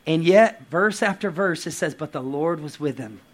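High-voiced pastor preaching, animated and joking around. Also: male voice, moderate pace. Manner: animated, playful preaching with asides and acted quotes. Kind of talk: sermon.

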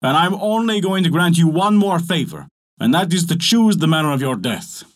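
A man voicing a haughty, vengeful giant genie who speaks in a commanding, deliberate way in a storybook tale. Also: fairly high pitch, expressive, pitched above the performer's own voice, close to an everyday voice.

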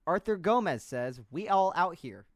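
A man host reading viewers' messages aloud on a podcast, with quick reactions between them. His voice is lively and animated, pitched a touch high, recorded dry and close. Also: no room sound. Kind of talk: reading live chat aloud.

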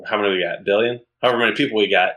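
A man co-hosting a podcast in a rambling, casual way, restarting his sentences as he thinks. His voice is fairly low but bright and forceful. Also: steady tone, very fast, rough recording. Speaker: podcast co-host.

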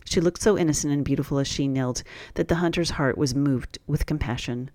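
Man, storybook narration, steady reading, slightly high voice, dry close sound. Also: brisk, hardly any pauses, no echo. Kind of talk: fairy-tale read aloud.

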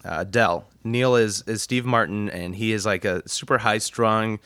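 A man's voice: lowish voice, a little slow, a bit bright, clean tone, no echo, clean studio sound. A man from the Chicago suburbs hosting a casual podcast chat, rambling and laughing as he retells scenes. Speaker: podcast host reviewing a film.

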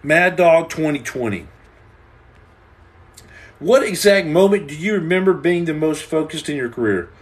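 A man from the United States hosting a live stream, joking with viewers and reading their questions, animated and playful, acting out little scenes, stammering and restarting as he goes. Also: fairly high pitch, normal speed, pauses often. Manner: animated and playful, acts out scenes and repeats himself. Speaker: livestream host answering viewer questions.

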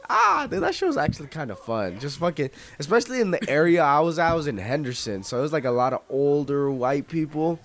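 A man in his twenties, a guest on a casual podcast, telling stories in an animated, heavily profane way. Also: fairly high pitch, fast, few pauses.

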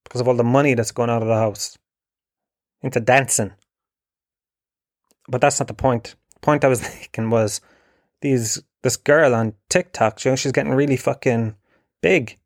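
A man's voice: medium pitch, normal speed, long pauses, dry recording, clean studio sound. An Irish man delivering a sweary, sarcastic, rambling comedic rant. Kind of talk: ranting comedic monologue.

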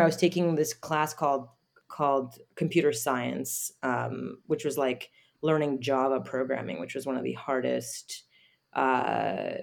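A woman guest telling a personal story in an interview, halting, with many fillers and restarts. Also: a bass voice, creaky.

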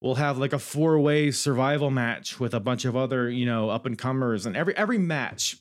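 A man's voice: mid-range voice, a little fast. A man hosting a podcast, rambling candidly through a casual review and swearing freely. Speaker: podcast host.

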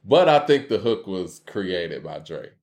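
Reading super chats aloud, the host of a casual live-streamed debate keeps things loose and chatty, full of fillers and worked examples. His low, slightly mellow voice swings widely in pitch and moves unhurriedly, and the audio's highs are cut off.

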